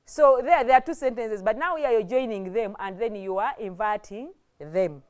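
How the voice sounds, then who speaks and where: A woman's voice: on the high side, normal speed, a little mellow. A woman with a Ugandan English accent teaching a classroom grammar lesson, explaining step by step and asking rhetorical questions.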